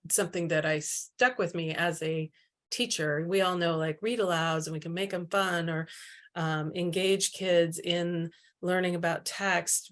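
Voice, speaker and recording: A woman's voice: low voice, fairly bright tone. A woman co-presenting a teacher training, speaking casually with many fillers.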